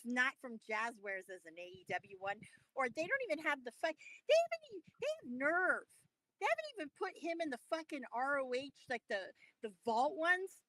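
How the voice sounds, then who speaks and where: Woman podcast cohost going off about stuff, lots of swearing, high voice, dead dry sound. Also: no room sound, rough recording. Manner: animated, profane ranting. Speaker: podcast co-host. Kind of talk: casual chat.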